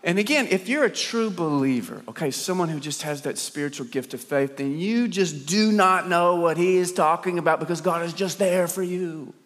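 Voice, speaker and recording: A man preaching a sermon as a dramatic storyteller, firing rhetorical questions and swinging between loud and soft. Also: on the high side, moderate pace, hardly any pauses. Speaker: pastor. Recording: long hall reverb.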